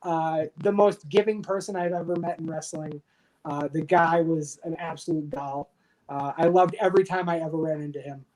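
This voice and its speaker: A man in his forties from the United States tells his stories as a podcast guest. He keeps it loose and lively and acts out what other people said. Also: on the high side, normal speed, rough recording. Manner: animated storyteller acting out others' quotes. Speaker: guest, retired soldier and pro wrestler. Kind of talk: casual storytelling interview.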